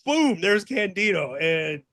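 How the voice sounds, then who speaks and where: High, bright-voiced man telling wild road stories. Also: slow, no echo, clean studio sound. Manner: profane, excitable storyteller acting out others' voices. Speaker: wrestling guest telling stories. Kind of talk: casual storytelling interview.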